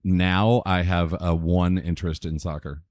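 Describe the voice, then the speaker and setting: A man's voice: deep voice, steady tone, unhurried, a little mellow, no echo, clean studio sound. A man in a casual podcast chat, blunt and dismissive. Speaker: podcast guest.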